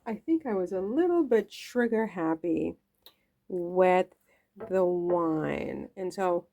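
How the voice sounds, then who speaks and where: A woman's voice: lowish voice, lively intonation, slow, creaky, mellow. Chatty, playful woman cooking at home. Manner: chatty and playful, trailing off and laughing at her own jokes. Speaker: cooking vlogger. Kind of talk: casual cooking chat to camera. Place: home kitchen.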